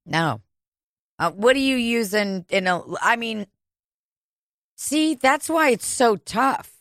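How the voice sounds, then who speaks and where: Woman rambling slow in a casual chat, crude jokes, bright voice, super dry mic. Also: on the high side, lively intonation, no echo. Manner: rambling, joking and crude, laughs often.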